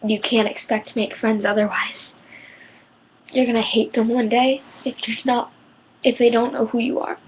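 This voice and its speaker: A woman's voice: a little high, flat delivery, normal speed, slightly rough, lo-fi sound. A teenage girl giving personal advice in a rambling, heartfelt vlog, her voice shaking near tears. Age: teens. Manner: rambling, heartfelt, many ums. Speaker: vlogger.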